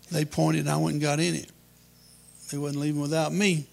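A man, telling a humorous childhood story in a folksy, deadpan way. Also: on the high side, a little fast, vocal fry.

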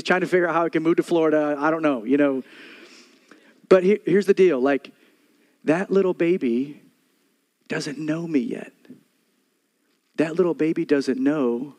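An older man preaching a sermon as a pastor, passionate, moving between soft storytelling and loud repeated declarations. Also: a little high.

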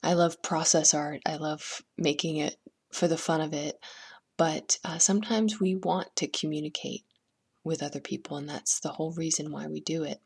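A woman hosting a podcast, chatting with a guest and gently telling a folktale. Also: low-pitched, steady tone, normal speed, creaky, breathy edge. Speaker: podcast host and storyteller. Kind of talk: podcast chat and folktale storytelling.

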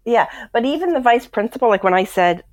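A woman's voice: a little high, expressive, fairly quick, a little mellow. A woman hosting a casual talk show, chatting and laughing often. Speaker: show host. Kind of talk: casual chat.

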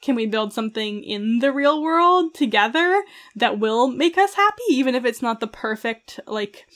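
A woman's voice: fairly high pitch, expressive, moderate pace, fairly bright tone. A woman co-hosting a casual chat, talking earnestly about a story with many fillers. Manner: earnest, many "like" fillers, laughs through heavy feelings. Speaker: podcast co-host.

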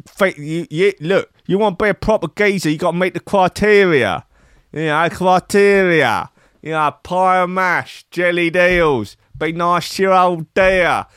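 A man's voice: high voice, unhurried, smooth, no echo, clean studio sound. A man doing a comedic impression of a boastful, swearing Cockney geezer with a Cockney accent. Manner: loud, crude, swaggering, lots of swearing.

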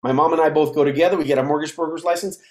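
A man in his fifties from the United States, a podcast guest telling his life story in a lively way and acting out the voices of the people in it. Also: on the high side, very fast. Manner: animated storyteller who acts out dialogue. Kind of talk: casual storytelling interview. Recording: roomy echo.

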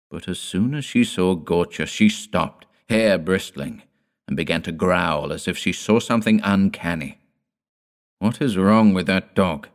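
A man narrating an audiobook in a measured, grave storytelling manner. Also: deep voice.

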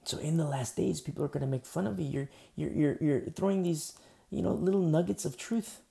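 A male pastor preaching a relaxed, conversational sermon, rambling with lots of fillers and restarts. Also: on the high side, fairly quick, gravelly.

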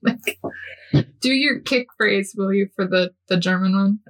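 A woman's voice: medium pitch, measured pace. A woman hosting a podcast, chatty and giggly, reading stories aloud. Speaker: podcast host.

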